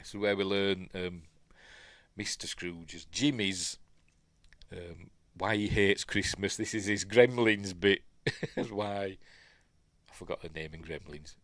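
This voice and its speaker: This man reviews films and speaks with a Yorkshire accent, breaking one down in a loose, digressive way full of fillers. His voice is low yet fairly bright, and the audio is dry with no echo.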